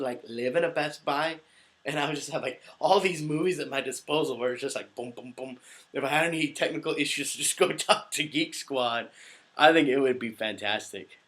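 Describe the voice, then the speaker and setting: A man's voice: mid-range voice, a bit bright. A man in his twenties, a voice actor, rambling through a casual Q&A with giggles and self-deprecating jokes, his voice a little under the weather. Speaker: voice actor hosting a Q&A. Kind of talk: casual livestream Q&A.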